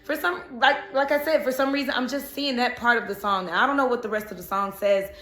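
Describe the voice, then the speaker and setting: A woman's voice: a little high, fast, pushed and bright, echoey room. A woman giving a casual, chatty tarot reading who often laughs. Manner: chatty, laughs and breaks into song. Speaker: tarot reader.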